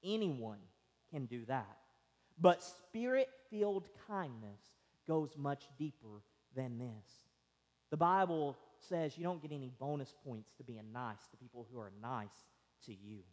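A pastor preaching a slow, emphatic sermon in a church, his voice rising loud and dropping quiet. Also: mid-range voice, expressive. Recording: long reverb of a large hall.

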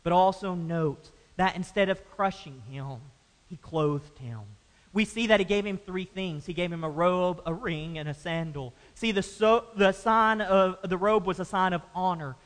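A man's voice: high-pitched, normal speed, fairly bright tone. A man preaching a sermon emphatically, with rhetorical questions to the congregation. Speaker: pastor. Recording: long hall reverb.

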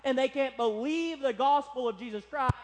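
High-voiced man preaching in a reverberant hall. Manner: emphatic preaching, slowing and stressing key words. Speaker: pastor. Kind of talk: sermon. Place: church sanctuary.

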